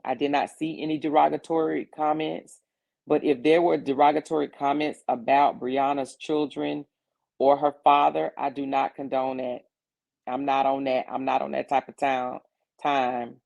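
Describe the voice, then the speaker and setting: Gravelly-voiced woman hosting a livestream. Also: sits low, fairly even intonation, moderate pace, a little mellow. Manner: greets viewers one by one by name; earnest and repetitive when explaining. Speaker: livestream host. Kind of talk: casual livestream chat.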